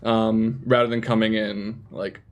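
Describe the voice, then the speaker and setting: A man playing a tabletop game, describing his character's actions in a relaxed, filler-heavy way. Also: on the low side, a little slow. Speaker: player.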